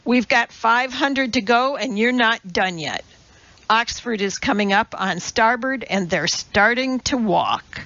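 A small, fierce male coxswain barks out profane orders with a raised, strained pitch and a gravelly edge, as a woman narrator puts him on. He growls and shouts his commands like a drill sergeant in a storybook read aloud. The recording sounds slightly muffled. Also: a little slow, no echo. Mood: snarling.

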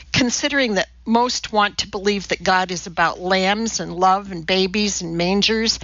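A woman narrating an audiobook in a deadpan, precise, lecturing manner, in a dry, dull lo-fi recording. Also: mid-range voice, dry recording. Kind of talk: scripted narration.

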